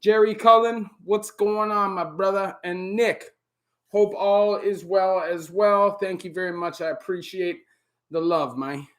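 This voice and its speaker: A middle-aged Canadian man with a Canadian accent hosting a relaxed live Q&A stream, greeting viewers by name and filling gaps with "you know". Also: sits high, a little slow. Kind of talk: casual live-stream chat. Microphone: camera on a stand.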